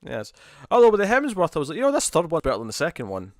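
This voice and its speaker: A man's voice: on the high side, wildly swooping pitch, racing, dry recording, clean studio sound. A man co-hosting a podcast, chatting casually and rambling about movie trailers with lots of restarts. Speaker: podcast co-host.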